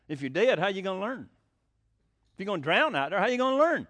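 A man's voice: sits high, sing-song, fairly quick, pauses often, fairly bright tone, no room sound. A man preaching a sermon, folksy and blunt, with sarcastic asides.

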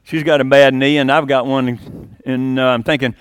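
An older man preaching a sermon as pastor, swinging between loud emphatic lines and quiet, low asides. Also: level tone, normal speed, clean tone, no room sound.

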